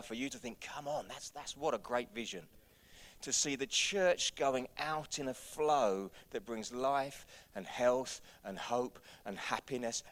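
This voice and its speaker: A man preaching a sermon as pastor, urging his congregation on with rhetorical questions and swinging from hushed, low passages to shouted peaks.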